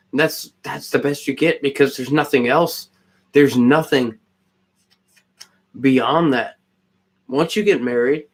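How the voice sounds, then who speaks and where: Streamer, male, slow unhurried delivery, rambling profane rants at chat. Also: on the high side. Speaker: livestreamer. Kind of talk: casual livestream chat.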